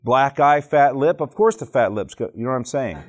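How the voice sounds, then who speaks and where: This man from Alabama, in the southern United States, gives a church teaching talk to a live audience, telling jokey stories and repeatedly quizzing his listeners. His mid-range voice is expressive and a little fast.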